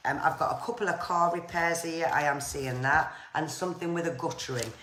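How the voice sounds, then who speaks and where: A woman, a psychic medium giving live-streamed card and spirit readings in a gentle, repetitive manner. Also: low voice, fairly quick. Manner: gentle, repetitive, pads phrases with "here" and "there". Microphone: phone or webcam on a live stream. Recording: roomy echo, faint noise.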